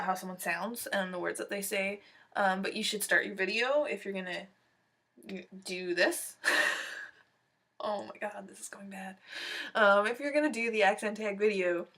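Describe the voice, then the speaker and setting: A woman's voice: medium pitch, a bit bright, far from the mic. A young woman from Alberta, chatting to the camera at home in a rambling, self-deprecating way with many fillers. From Canada (Alberta). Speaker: vlogger. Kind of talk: casual chat to camera. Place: at home in front of a sofa.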